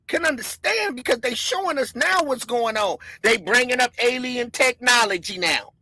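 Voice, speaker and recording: A middle-aged woman giving a loud, excitable, repetitive conspiracy commentary. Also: sits high, moderate pace, few pauses, breathy edge, dry recording, low-quality recording. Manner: emphatic, preachy. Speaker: commentary streamer.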